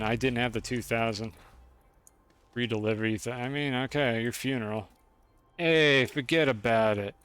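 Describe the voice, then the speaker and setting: A young male streamer talking casually and profanely to his chat while he plays. His voice sits at an average pitch. He rambles, jokes and narrates what he is doing. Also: fairly bright tone, clean tone. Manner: chatty, profane, talks to chat. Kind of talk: casual game-stream commentary.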